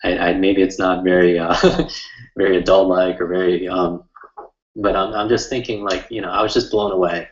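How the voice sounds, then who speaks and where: Very low-voiced man telling an earnest story. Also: level tone, moderate pace. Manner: earnest, heartfelt, rambling with many fillers. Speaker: memory coach hosting a webinar. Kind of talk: personal storytelling to an online audience. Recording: roomy, slightly dull sound.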